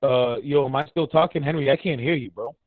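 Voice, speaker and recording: Ranting about sports with sarcasm and profanity, this Dominican-heritage man co-hosts a podcast in a mid-range, fairly quick voice. There's no echo, and the line sounds dry and tinny, like a phone.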